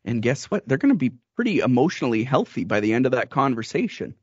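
A man's voice: medium pitch, big pitch swings, quick pace, slightly rough, no echo. Male host, supportive, conversational, dry and slightly dull close mic. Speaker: podcast host. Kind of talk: casual interview chat. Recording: dry, muffled close recording.

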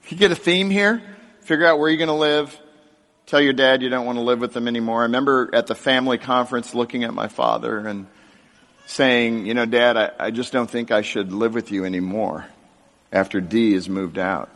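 A middle-aged man recounts his childhood to a live crowd, jumping between hushed asides and sudden high, excited bursts. His voice sits at an ordinary pitch, and a long hall reverb trails behind every word. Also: a little fast. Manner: animated, jokey storytelling with big pitch swings. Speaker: speaker telling his life story to an audience. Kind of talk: storytelling talk to a live audience. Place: large hall with an audience.

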